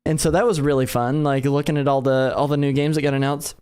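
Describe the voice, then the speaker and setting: A man's voice: on the high side, steady tone, fast talker, a little mellow, clean tone. A tired man hosting a casual podcast, rambling and laughing often as he chats. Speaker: podcast host.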